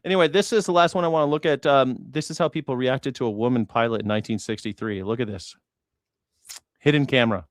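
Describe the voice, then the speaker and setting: A man's voice: mid-range voice, fast talker, no echo, studio quality. A man hosting a casual commentary show, telling stories in a blunt, profane way. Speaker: host.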